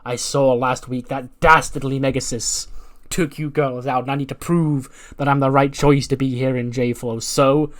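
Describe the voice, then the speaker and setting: A man's voice: medium pitch, level tone, normal speed, natural voice. An eager young woman wrestler with a chirpy, stammering delivery tumbles over her words, put on by a man. She sounds sunny and a little scatterbrained. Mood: determined.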